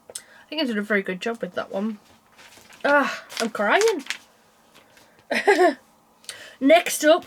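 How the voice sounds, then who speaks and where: A woman's voice: sits high, slight background noise. A young woman chatting casually about cross stitch designs, tired and yawning, rambling with small laughs. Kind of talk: casual chat.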